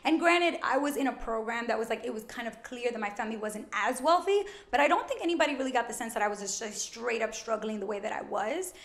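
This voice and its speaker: A loud, animated woman around thirty from Brooklyn chats quickly as an interview guest. Her voice sits a little high. The room gives it a roomy echo. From Brooklyn, New York. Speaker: guest, financial educator. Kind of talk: casual interview chat.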